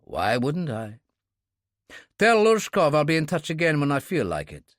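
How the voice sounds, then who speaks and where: A man's voice: a little high, huge pitch swings, unhurried, dry recording, clean studio sound. Man voicing a curt, cold Russian agent.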